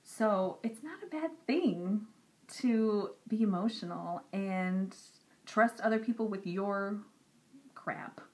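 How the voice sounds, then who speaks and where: A young woman talking earnestly and directly to camera in a personal vlog. She repeats herself for emphasis and sometimes drops into soft, whispery asides. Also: mid-range voice, takes it slowly. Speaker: Christian vlogger. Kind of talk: personal encouraging talk to camera.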